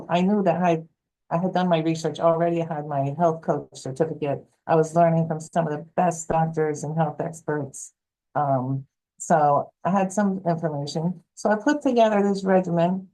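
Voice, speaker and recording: A woman health coach telling stories in an interview, lively and acting out what people said. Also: on the low side, poor audio. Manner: animated, acts out quoted voices. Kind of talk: storytelling interview answer.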